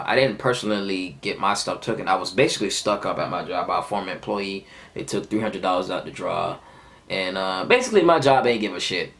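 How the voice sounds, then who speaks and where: A man in his twenties telling a heated, profane story of a fight at work in a casual vlog. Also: fairly low pitch. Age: 20s. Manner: animated, profane, heated retelling. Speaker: vlogger.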